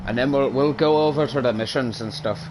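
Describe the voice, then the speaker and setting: A man's voice: mid-range voice, fairly quick, background noise. A British man co-hosting a casual gaming podcast, swearing and laughing as he plays and chats. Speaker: podcast co-host.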